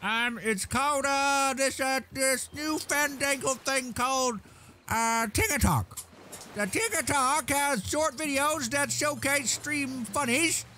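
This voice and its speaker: A man voicing a fussy, old-fashioned gentleman character who talks slowly with plenty of ums and uhs. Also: extremely high pitch, a little hiss or hum, pitched above the performer's own voice, full character voice. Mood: pompous. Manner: slow, halting delivery full of ums. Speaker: streamer's character.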